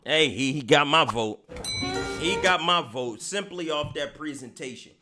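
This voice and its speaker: A man hosting a live reaction stream, talking casually with loud, joking outbursts. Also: a little high, lively intonation, measured pace, over loud music. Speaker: livestream host reacting to videos.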